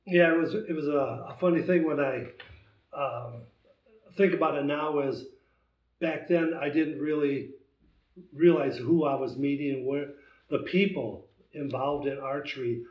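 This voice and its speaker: A man in his sixties, a guest telling stories in a casual chat at home, halting and rambling with many restarts. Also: on the high side, fairly even intonation, roomy sound, far from the mic, lo-fi sound. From United States. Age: 60s. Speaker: interview guest. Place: home den.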